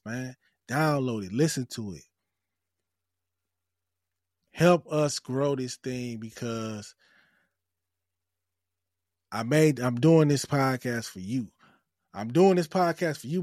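A man's voice: mid-range voice, dry recording, studio quality. A man hosting a podcast, giving blunt, preachy advice with swearing and lots of emphatic repetition. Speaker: podcast host. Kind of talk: casual advice monologue.

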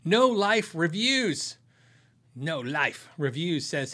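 A man's voice: fairly high pitch, big pitch swings, normal speed, pushed and bright. A man hosting a casual live chat, reading viewer questions aloud and rambling candidly, with frequent self-interruptions. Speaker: host of a gear channel livestream.

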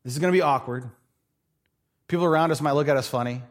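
A man's voice: on the high side, quick pace. A middle-aged male pastor preaching a sermon, telling funny stories and acting out the people in them. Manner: animated, joking, acts out voices in his stories.

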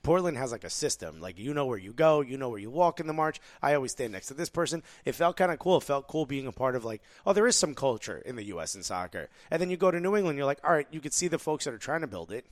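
A man's voice: mid-range voice, sing-song, quick pace, hardly any pauses, no echo. A man from New Jersey co-hosting a podcast, blunt and heated in casual chat, swearing freely. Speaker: podcast co-host.

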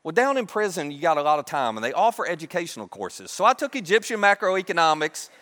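A man voicing a young freed prisoner who confidently pitches a plan in a casual, chatty way. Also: sing-song, quick pace, fairly bright tone. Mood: eager. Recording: echoey hall.

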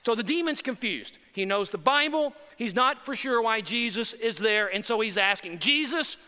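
A man's voice: high-pitched, normal speed, pushed and bright. A man preaching a sermon as pastor, emphatic and conversational, repeating key phrases. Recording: preaching in a reverberant hall.

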